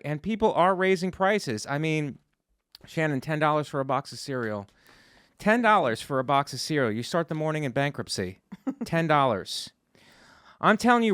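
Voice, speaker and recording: A man's voice: a bit bright, clear, resonant tone, no room sound, clean studio sound. A man hosting a podcast who delivers a sponsor read in joking, salesman-style patter. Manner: pitchy, jokey salesman patter. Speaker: podcast host.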